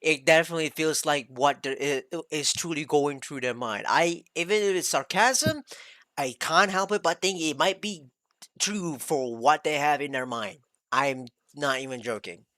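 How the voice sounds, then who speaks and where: A man's voice: on the high side, normal speed, a bit bright, no echo. Male streamer, heated rambling rant, swears a lot, dry recording. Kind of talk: ranting reaction commentary.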